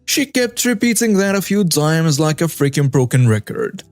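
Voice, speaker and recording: Male narrator, slightly high voice, wry storytelling, faint music bed. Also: big pitch swings, moderate pace, no echo. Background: faint background music.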